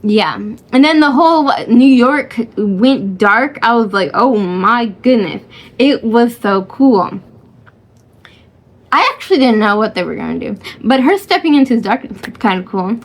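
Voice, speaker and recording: Woman, casual rambling chat, hesitant, giggly, fillers and restarts, slightly high voice. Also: expressive, normal speed. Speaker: vlogger reviewing a film.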